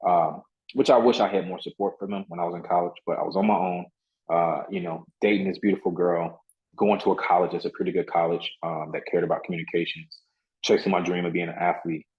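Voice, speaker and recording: Very deep-voiced man telling stories. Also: steady tone, fast talker. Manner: earnest, repeats words, frequent "you know" fillers. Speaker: podcast guest, motivational speaker. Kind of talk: casual storytelling interview. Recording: dull lo-fi sound.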